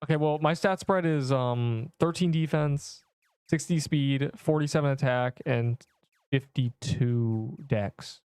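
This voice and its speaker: A young man streaming a game, chatting loosely and reading viewer messages aloud between rambling thoughts. His voice sits at an ordinary male pitch and comes through smooth and clear. The sound is close and dry, with no room around it. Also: slow, darkish tone, no echo. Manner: rambling, filler-heavy, reads chat aloud. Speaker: livestreamer. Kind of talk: casual livestream chat while gaming.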